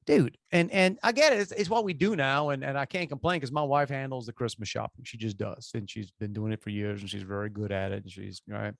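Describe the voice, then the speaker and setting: A man's voice: mid-range voice, a little fast, creaky, hardly any pauses, no room sound, studio quality. A man with a Cajun Louisiana accent, co-hosting a podcast, joking and folksy in casual chat. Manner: joking, folksy, talks in bursts. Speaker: podcast co-host.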